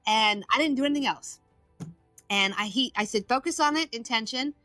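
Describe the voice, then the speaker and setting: A woman's voice: fairly high pitch, normal speed, sharp tone, no echo, soft background music. A middle-aged woman, a recovery coach, speaking as a podcast guest, telling stories emphatically and acting out the voices of people she quotes. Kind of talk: podcast interview storytelling.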